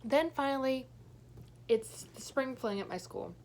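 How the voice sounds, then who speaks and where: A young woman vlogger telling a personal story in a chatty way, with many fillers and animated quoting. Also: high-pitched, a little slow, vocal fry, slight background noise. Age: young adult. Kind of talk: storytime vlog.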